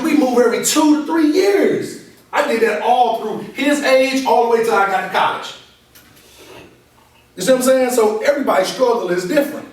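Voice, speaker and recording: A motivational speaker and coach with a high voice addresses a group gathered in a meeting room, animated and call-and-response, repeatedly asking them to follow along. He's captured from a distance, with heavy echo from the room.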